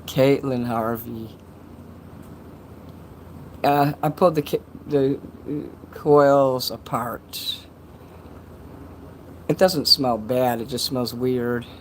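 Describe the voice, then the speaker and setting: Man, livestreamer, casual rambling talk, crude jokes, mid pitch, faint background hiss. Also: steady tone, drawn-out words, pauses often, low-quality recording. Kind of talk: casual livestream chat reading donations.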